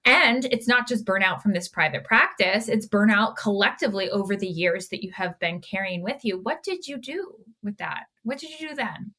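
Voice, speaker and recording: A woman therapist hosts a casual podcast conversation. Her voice sits in the middle range. She speaks emphatically and lets her frustration come through. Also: mid-range voice. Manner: animated, emphatic, quick to voice frustration.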